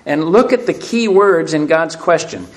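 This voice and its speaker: A man preaching a sermon, asking emphatic rhetorical questions and swinging between loud and hushed delivery. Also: on the high side, moderate pace. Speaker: pastor.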